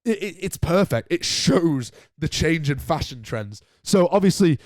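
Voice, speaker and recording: A man's voice: fairly high pitch, animated, measured pace, a little mellow, dry recording, studio quality. A young man with a Northern English accent hosting a casual solo podcast, chatty and jokey, rambling through his points with restarts. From Northern England. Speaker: podcast host.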